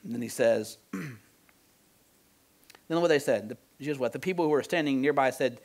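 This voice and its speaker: A male pastor preaching a conversational sermon in church, moving between soft, slow emphasis and animated outbursts. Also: medium pitch. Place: church sanctuary.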